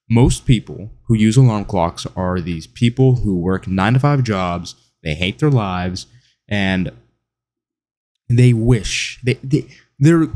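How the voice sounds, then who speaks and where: An online commentator delivers an opinionated, mocking monologue to camera, occasionally imitating other people in whiny voices. His voice is on the low side with a darkish tone.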